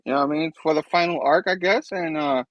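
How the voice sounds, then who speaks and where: A man co-hosting a casual comic book review, speaking relaxed and loose with lots of fillers. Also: on the high side, fast talker, no room sound, highs cut off. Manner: relaxed, filler-heavy, lots of "you know what I mean". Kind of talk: casual chat.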